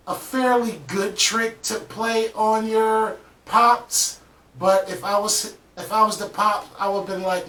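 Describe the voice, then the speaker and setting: A man hosting a reaction video, talking in a relaxed, rambling, conversational way. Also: high voice, slight background noise. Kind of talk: casual chat. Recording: roomy, distant mic.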